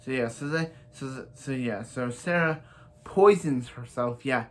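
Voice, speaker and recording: A man's voice: mid-range voice, a little slow. A man casually recapping a TV episode as a reviewer, rambling through restarts and giving blunt opinions. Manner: rambling, stumbling over restarts.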